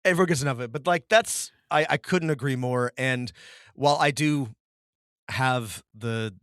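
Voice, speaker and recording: A man co-hosts a podcast, rambling through casual chat with frequent restarts and laughter. His medium-pitched voice is a bit bright and smooth at a moderate pace, recorded in studio quality with no echo.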